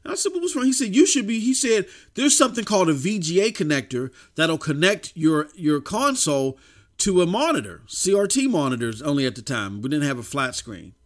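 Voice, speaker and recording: A man with a high voice talks to his stream chat off the cuff. He pushes his points emphatically and preaches a little, tripping over his words and restarting as he goes. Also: very animated, a little fast. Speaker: livestream host.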